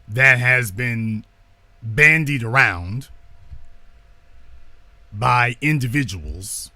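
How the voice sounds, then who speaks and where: A man giving a slow, deliberate lecture, speaking emphatically and repeating his key lines. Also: mid-range voice, pushed and bright, dry recording.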